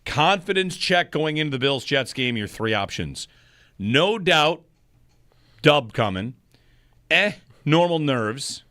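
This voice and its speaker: A man hosts a sports talk radio show. He talks with lively, animated ups and downs in pitch and a bright tone. His voice is close and dry, like a studio mic. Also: slow, pauses often, no room sound. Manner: lively, reads station promos and call-in number.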